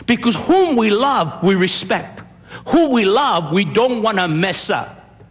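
An older man preaching a sermon as pastor, emphatic and animated, asking rhetorical questions. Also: high-pitched, slow pace. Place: church. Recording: long hall reverb.

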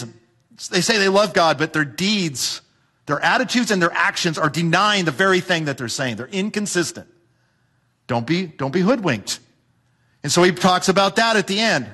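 Man, pastor type, emphatic sermon delivery, slightly high voice, rhetorical questions. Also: pushed and bright. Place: church sanctuary with congregation.

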